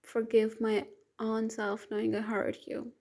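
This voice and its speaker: A woman's voice: a little high, completely flat delivery, measured pace, a little mellow. A woman voicing a remorseful young husband who pleads tearfully for forgiveness.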